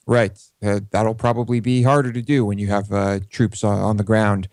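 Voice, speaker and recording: A man co-hosting a political talk show who chimes in with measured, agreeing remarks. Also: lowish voice, little pitch movement, a little mellow, no room sound. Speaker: co-host. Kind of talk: casual studio discussion.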